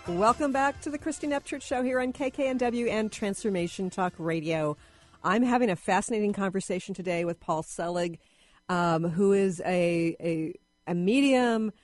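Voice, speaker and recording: A woman's voice: fairly low pitch, dry recording. A woman hosting a radio talk show and interviewing a guest, speaking hesitantly with fillers.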